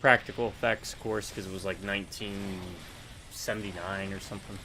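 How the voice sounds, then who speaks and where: A man's voice: on the low side, fairly even intonation, a little fast, noisy background. A man co-hosting a casual co-op gameplay video, chatting laid-back and sharing trivia. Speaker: gaming channel co-host.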